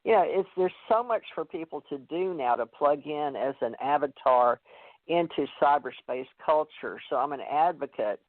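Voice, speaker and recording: A man's voice: on the high side, lively intonation, moderate pace, no room sound. A man hosting a call-in radio show, talking in a rambling way with many fillers and restarts. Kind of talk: casual call-in chat. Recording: tinny phone line.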